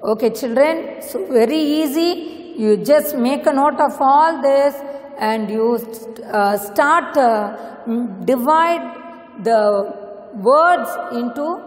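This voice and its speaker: A woman teacher with an Indian English accent speaks in a high voice and at an unhurried pace. She spells words out letter by letter and repeats them for her class. Her voice rings in an echoey room with a long reverb tail. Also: lively intonation. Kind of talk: classroom lesson.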